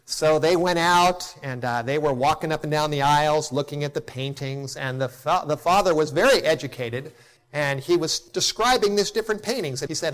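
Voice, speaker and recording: A middle-aged man delivers a sermon in a slightly high voice. He builds to emphatic, impassioned peaks and then falls soft and quiet. When he tells stories, he acts out the quotes. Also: normal speed. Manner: storytelling with acted quotes. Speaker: preacher.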